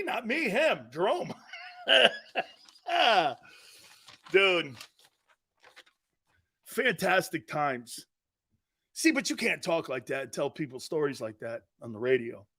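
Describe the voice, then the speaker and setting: A middle-aged male sports talk host in a casual storytelling monologue. His voice sits a little high for a man, and he jumps into the voices of the people he quotes. He laughs often as he talks. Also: a bit bright.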